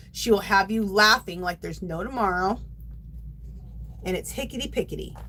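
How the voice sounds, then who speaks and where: A woman's voice: medium pitch, fairly bright tone, a little hiss or hum, rough recording. A middle-aged woman hosting a yarn craft livestream, gushing and chatting casually to her viewers.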